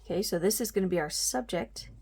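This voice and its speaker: A woman's voice: medium pitch, quick pace, darkish tone, husky. A woman teaching a grammar lesson at home, patiently explaining step by step and often checking that listeners follow.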